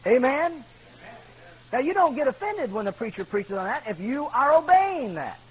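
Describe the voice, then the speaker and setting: A male pastor preaching emphatically, calling out "amen" to the congregation and swinging from loud to hushed. The recording is dull and lo-fi, with a faint hum. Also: extremely high pitch, sing-song, normal speed, slightly rough. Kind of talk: sermon.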